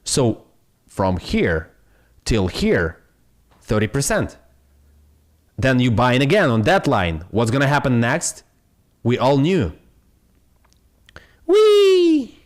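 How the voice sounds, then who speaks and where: A man from Ukraine with a Ukrainian accent, hosting a live crypto stream in excitable, swearing, broken English. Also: mid-range voice, takes it slowly, pauses often.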